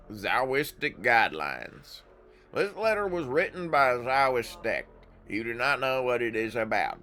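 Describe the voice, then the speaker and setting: A man's voice: medium pitch, sharp tone. A young man streaming a video game live, reading its text aloud with casual, profane asides. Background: faint game music.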